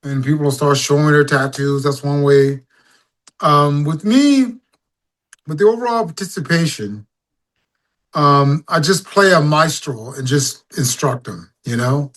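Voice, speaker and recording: A man's voice: fairly high pitch, measured pace. A man, a singer-songwriter guest, telling stories casually in an interview and acting out his own stage calls. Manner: animated storyteller, acts out crowd calls.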